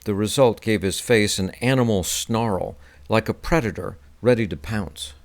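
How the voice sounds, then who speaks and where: Low-voiced man narrating a memoir. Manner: measured, descriptive. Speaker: audiobook narrator. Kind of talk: first-person memoir narration.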